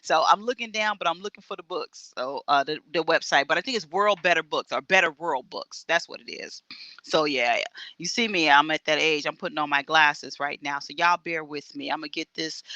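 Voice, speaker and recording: A woman's voice: sits low, bright, forceful tone, no room sound, muffled recording. A middle-aged woman talking earnestly on an online radio show over a video call, with frequent restarts. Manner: earnest and halting, many restarts.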